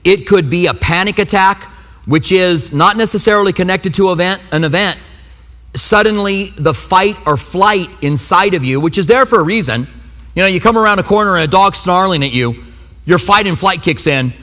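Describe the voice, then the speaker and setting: High-voiced pastor preaching in a reverberant hall. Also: male voice, moderate pace, bright, forceful tone. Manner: conversational, humorous storytelling with acted-out reactions. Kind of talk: sermon. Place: church sanctuary. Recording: long reverb of a large hall.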